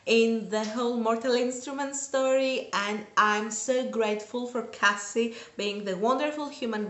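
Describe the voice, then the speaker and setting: A woman reviewing books in a casual video, gushing with enthusiastic fan excitement. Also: fairly high pitch. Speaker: book reviewer. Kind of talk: casual book review vlog. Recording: roomy echo.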